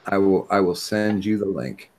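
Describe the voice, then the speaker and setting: Feverish, halting male streamer. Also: sits low, a little mellow, a little hiss or hum. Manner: halting, many restarts. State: feverish, hard to focus. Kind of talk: casual chat.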